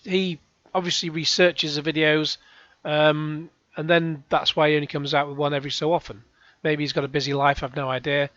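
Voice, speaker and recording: A man rambles through sarcastic video commentary, sighing and restarting as he goes. His voice sits a little high. The close recording is dry and slightly dull. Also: pushed and bright, no room sound. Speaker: YouTube reaction host.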